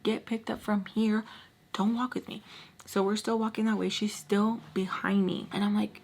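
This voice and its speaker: A young woman in her twenties telling a story to her camera, animated and full of slang, acting out what people said. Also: medium pitch, moderate pace, gravelly, a little hiss or hum. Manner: animated, acts out quotes, frequent slang and "like". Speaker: storytime vlogger. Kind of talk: casual storytelling.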